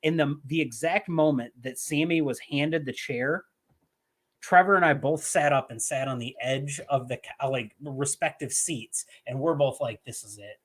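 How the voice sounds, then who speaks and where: A young adult man co-hosting a casual wrestling podcast, talking in an animated, emphatic way with plenty of swearing. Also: a little high, moderate pace. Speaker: podcast co-host.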